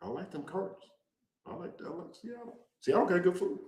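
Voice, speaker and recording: A man hosting a casual show, talking to viewers in an animated, joking way and drawing out words for emphasis. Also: high voice, fairly quick, echoey room, poor audio. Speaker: host. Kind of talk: casual direct-to-camera promo talk.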